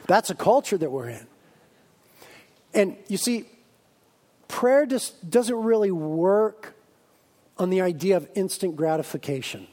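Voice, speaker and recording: A man preaching a sermon as a pastor, lively and humorous, acting out exaggerated voices of his listeners. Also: high voice, measured pace, pauses often. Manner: animated, acts out comic voices of his congregation.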